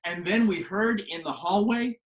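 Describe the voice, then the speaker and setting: A man telling a story to the camera from his home kitchen, animated and swinging from hushed to loud. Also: high voice, measured pace. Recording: echoey kitchen room.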